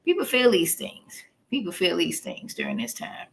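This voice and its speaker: A woman's voice: on the low side, wildly swooping pitch, moderate pace, vocal fry, rough recording. A middle-aged woman, talking as a therapist on a podcast in a folksy, chatty way that breaks into easy laughs. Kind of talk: casual podcast talk on grief.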